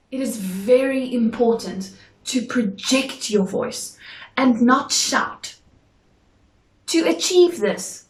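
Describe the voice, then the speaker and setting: Female drama coach, slow and deliberate, clearly articulated, fairly high voice. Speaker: drama teacher. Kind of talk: instructional video lesson. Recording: echoey room.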